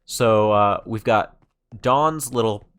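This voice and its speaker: Low-voiced rambling gaming host. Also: male voice, takes it slowly, clean tone. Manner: rambling, many fillers and restarts, easily excited. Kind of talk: let's-play commentary.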